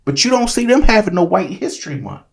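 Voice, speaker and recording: A man with speech gives an insistent monologue, repeating his points and pressing them home. His voice is gravelly and fairly high. It swings widely in pitch as he preaches. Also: sing-song, fast, slight background noise. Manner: emphatic, repetitive, preachy. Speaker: author and commentator. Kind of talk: impassioned monologue.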